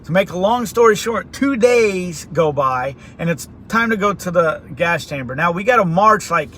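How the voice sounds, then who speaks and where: A middle-aged man hosting a vlog from his car, telling a story in a casual, animated way. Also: high voice, moderate pace, a little hiss or hum. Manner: animated, acts out quoted voices. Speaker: vlog host. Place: inside a car.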